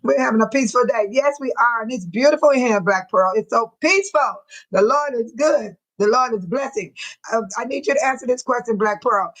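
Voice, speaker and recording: A woman's voice: on the high side, fairly quick. An older woman hosting a casual livestream, reading chat comments aloud and laughing often. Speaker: livestream host.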